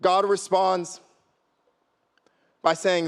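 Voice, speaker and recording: A man's voice: a little high, a little fast, fairly bright tone. Casual young male youth pastor preaching. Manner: conversational preaching full of "like" and repeated phrases. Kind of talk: sermon.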